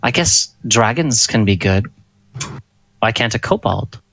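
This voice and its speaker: A man's voice: on the low side, expressive, unhurried, vocal fry, a bit bright, no room sound, exaggerated voice. A man voicing an absent-minded male wizard scholar who muses aloud, in a raised voice. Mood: musing.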